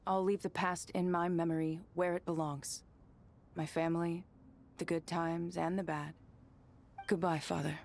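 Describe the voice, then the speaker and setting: An actress playing a young woman in a video game, quietly bidding farewell to her dead father. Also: lowish voice, level tone, measured pace, gravelly, long pauses, a little hiss or hum. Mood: wistful. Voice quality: quiet, resolved and wistful.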